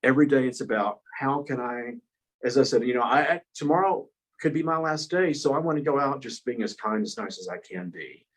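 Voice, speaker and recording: In a low-quality recording, a man with a mid-range, expressive voice speaks a little fast. He's a guest speaker and author sharing personal stories conversationally, earnest and rambling, often restarting his sentences.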